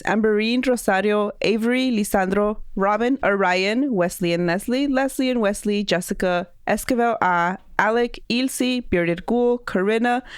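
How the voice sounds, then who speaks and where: A woman's voice: medium pitch, no room sound. Woman, congested, podcast co-host, casual and giggly, dry close sound. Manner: giggly, rambling. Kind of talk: casual chat, storytelling.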